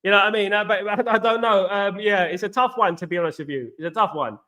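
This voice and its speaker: A man's voice: high-pitched, fast, pushed and bright. A man hosting a casual football live stream, rambling and repeating himself as he chats with viewers and reads their comments. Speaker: football channel host.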